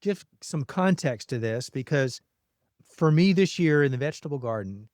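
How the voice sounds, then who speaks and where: A man's voice: medium pitch, animated, normal speed, darkish tone, dry recording, clean studio sound. A man hosting a podcast, chatting casually and animatedly about his garden. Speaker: podcast host.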